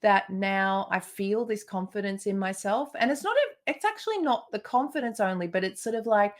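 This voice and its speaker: A woman's voice: mid-range voice, animated, moderate pace, few pauses. A woman co-hosting a podcast, telling her story in a reflective way with frequent ums and you knows. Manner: reflective, thoughtful storytelling with fillers like um and you know. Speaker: podcast co-host and singer. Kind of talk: casual chat.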